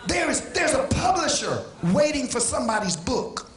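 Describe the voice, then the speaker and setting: Impassioned high-voiced male preacher. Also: very animated, moderate pace, reverberant, over music. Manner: impassioned preaching, swings from shouts to low asides. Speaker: pastor. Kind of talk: sermon. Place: church sanctuary.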